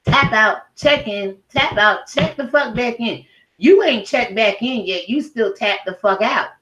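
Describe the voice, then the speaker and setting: Woman going off in a heated rant, swearing a lot, kinda high voice. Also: unhurried, fairly bright tone, highs cut off, slight background noise. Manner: heated, profane, emphatic. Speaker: YouTube commentator. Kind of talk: angry rant to camera.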